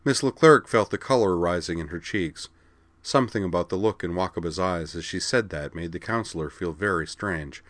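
A man narrating a story aloud in an even, measured way. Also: sits low, no room sound. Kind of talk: audiobook narration.

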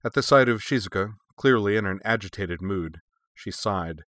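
A man narrating a story in an even, measured reading. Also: on the low side, dry recording, clean studio sound. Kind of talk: audiobook narration.

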